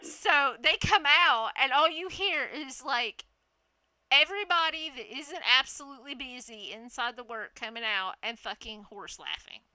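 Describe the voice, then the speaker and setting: A woman telling a story casually, animated and laughing, swearing freely. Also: sits high, normal speed, no echo.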